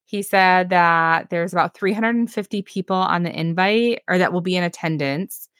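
A woman's voice: fairly low pitch, normal speed, fairly bright tone, clean tone, no echo, studio quality. A woman co-hosting a casual podcast, recapping a reality show, chatty and laughing often as she retells scenes.

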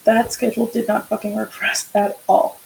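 A woman's voice: medium pitch, flat delivery, fairly quick, vocal fry, darkish tone, a little hiss or hum, low-quality recording. A woman co-hosting a casual podcast chat, speaking candidly and swearing freely as she tells stories and acts out quotes. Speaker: podcast co-host.

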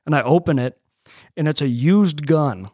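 A man from Nebraska telling a story on a casual podcast, profane and animated as he acts out what people said. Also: on the high side, normal speed, no echo, studio quality. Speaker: podcast host.

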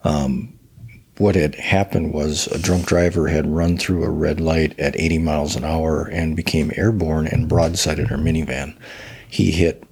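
Low, husky middle-aged man. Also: steady tone, measured pace, a little mellow. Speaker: guest, author and shaman. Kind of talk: recounting a personal tragedy in an interview.

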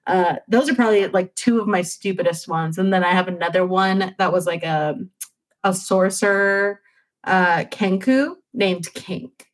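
A woman's voice: on the low side, steady tone, a little slow. A woman on a podcast, chatting casually and rambling about her tabletop characters with frequent ums.

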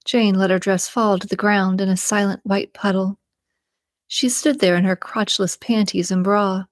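A woman reading a novel aloud in steady, even scripted narration, close to the mic. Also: medium pitch, normal speed, no room sound. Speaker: audiobook narrator.

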